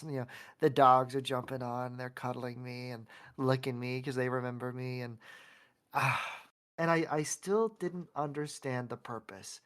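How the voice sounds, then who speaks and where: Man from Oklahoma, self-love coach, heartfelt rambling story, frequent restarts, middle pitch. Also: fairly bright tone. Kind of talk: emotional personal storytelling.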